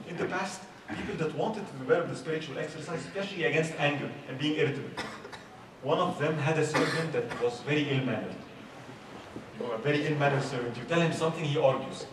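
Middle-aged male speaker, chatty youth talk full of questions; distant mic, noisy hall. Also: on the high side. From Egypt. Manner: conversational, asks many rhetorical questions. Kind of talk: informal religious talk. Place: large hall at a religious youth event. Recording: echoey hall, far from mic, background noise.

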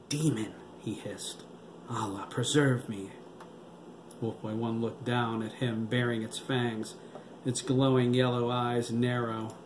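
A man narrating a novel aloud at a steady, even pace. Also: medium pitch. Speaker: audiobook narrator. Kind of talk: novel reading. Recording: roomy with background noise.

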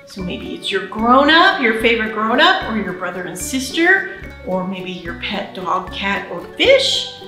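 A woman with a high, bright voice that rises and falls widely reads a picture book to babies and their grown-ups. She speaks slowly and in a sing-song way, like a children's librarian at storytime. The room around her has a noticeable echo. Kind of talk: baby storytime reading and singing.

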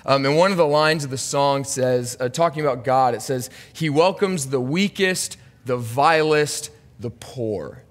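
This thirties-aged pastor speaks in a mid-range voice, a little slowly and with hardly any pauses. His earnest, confessional sermon rises to urgent emphasis, echoing with long hall reverb through the church sanctuary.

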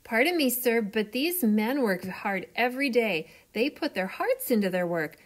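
A woman's voice: a little high, very animated, moderate pace. A woman reading aloud, voicing a strong, brave working man who drives steel, in an earnest, determined manner.

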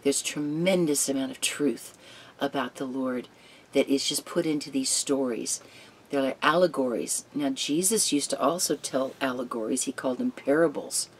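A Bible study teacher retelling a story in an animated, storytelling manner that sinks to a hushed tone. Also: medium pitch, normal speed, a little hiss or hum. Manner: animated storytelling that drops to a hushed, near-whispered tone.

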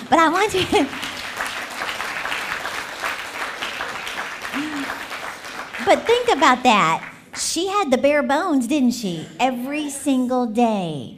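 Speaking as a guest in a church pulpit, a woman with a fairly high voice tells an animated story, frequently laughing and asking the congregation questions.

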